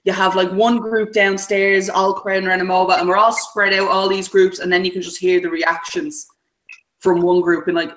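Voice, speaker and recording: A podcast co-host telling a long story in casual chat, animated and swearing freely. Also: medium pitch, normal speed, poor audio.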